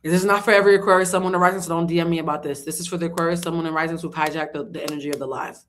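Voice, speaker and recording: A loud, animated woman hosts a casual livestream tarot reading. She swears freely and keeps breaking into bits of song as she reads the cards. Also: on the low side, rapid-fire, slight background noise. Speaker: tarot reader.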